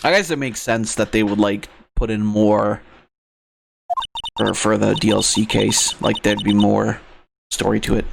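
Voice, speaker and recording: A man's voice: on the low side, steady tone, measured pace, gravelly, noisy background. A man giving casual let's-play commentary while playing a game, musing and rambling aloud. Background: loud game music.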